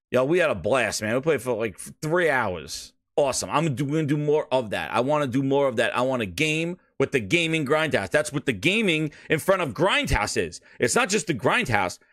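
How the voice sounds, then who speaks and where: High, lively New York man hosting. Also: dry recording, studio quality. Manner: hype-man shouting; loose, rambling, repeats himself. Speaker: podcast host. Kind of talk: casual gaming show chat.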